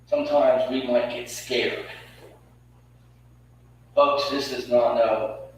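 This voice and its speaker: A man preaching a sermon with emphatic delivery, swinging from loud to hushed. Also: medium pitch, fairly even intonation, slow, slight background noise. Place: church sanctuary. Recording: echoey church hall from far off.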